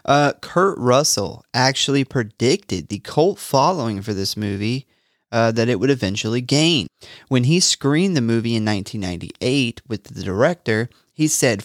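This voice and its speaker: Recapping a film and reading out trivia, this podcast co-host keeps things relaxed and laughs a lot. His medium-pitched voice has lively intonation and a moderate pace, captured dry at studio quality.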